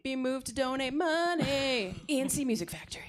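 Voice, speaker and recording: A greedy prosperity-gospel pitchwoman, as a woman puts her on, preaching and selling in one breath. Her voice rides high and bright over the hype. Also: expressive, a little fast, soft background music. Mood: preachy.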